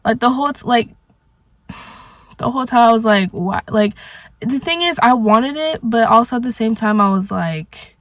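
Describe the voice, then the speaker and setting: A young vlogger with a fairly high, expressive, fairly bright voice smokes while telling an emotional, rambling storytime at a normal speed. She leans hard on "like," and the studio sound is clean with no room echo.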